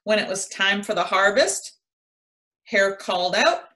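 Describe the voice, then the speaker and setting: A woman educator reading a children's picture book aloud in an expressive storytelling manner. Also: medium pitch, unhurried.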